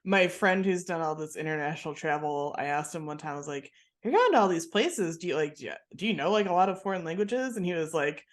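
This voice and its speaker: A woman's voice: deep voice, lively intonation, fast, hardly any pauses. A woman co-hosting a podcast, chatting casually and swearing freely as she recaps a TV episode. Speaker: podcast co-host.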